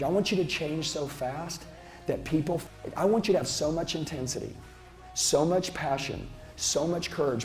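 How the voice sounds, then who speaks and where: A middle-aged man giving a profane, intense motivational seminar speech as a sales trainer, lecturing a live audience on a handheld mic. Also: on the high side.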